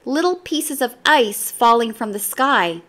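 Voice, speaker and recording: Brief: a woman playing a mother gorilla, bright and motherly, lively lilt. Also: a little high, a little slow. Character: warm mother gorilla, explaining.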